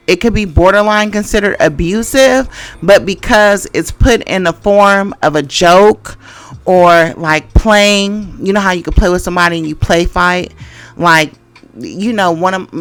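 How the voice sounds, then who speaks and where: A woman's voice: lowish voice, a bit bright. A middle-aged woman giving a casual tarot reading, rambling and hesitant, with many fillers and restarts. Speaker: tarot reader.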